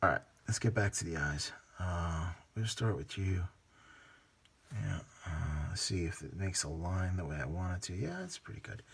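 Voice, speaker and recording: A man with a low, gravelly, fairly bright voice and a breathy edge speaks a little slowly as host of a hobby painting channel. He gives casual running commentary mostly to himself, mumbling, muttering and slipping into whispers as he paints.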